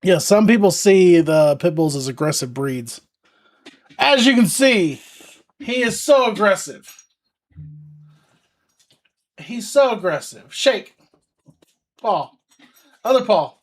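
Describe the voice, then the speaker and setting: A woman's voice: fairly low pitch, animated, slow, long pauses. A woman hosting a casual livestream, chatting playfully with viewers and talking to her dog. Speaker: livestream host.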